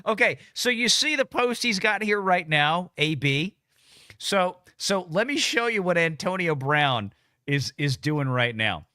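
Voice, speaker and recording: Brief: male host, lively up-and-down delivery, bright, dry close sound, rambling casual talk. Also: sits high, measured pace, dry recording. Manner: rambling, frequent restarts, laughs easily. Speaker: host of a live political talk stream. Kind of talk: casual political chat.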